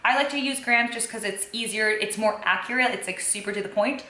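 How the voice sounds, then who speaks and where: A woman's voice: on the high side, fairly quick, sharp tone. A young woman vlogging a casual cooking and food-tracking walkthrough in her home kitchen, talking loosely with lots of ums and kindas. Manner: chatty, many fillers like um and kinda. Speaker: fitness vlogger. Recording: echoey kitchen with faint ambience.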